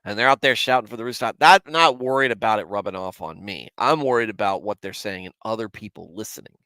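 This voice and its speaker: A man's voice: fairly low pitch, fast talker, sharp tone, clean tone, no echo, studio quality. A man in his forties hosting a casual Bible commentary livestream, self-deprecating and candid as he answers his chat. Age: 40s. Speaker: host of a Bible commentary show.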